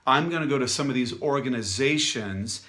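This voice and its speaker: A man talking straight to his followers in an energetic, enthusiastic way, a little out of breath. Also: mid-range voice, a little fast. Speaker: vlogger addressing followers. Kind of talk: casual direct-to-camera announcement.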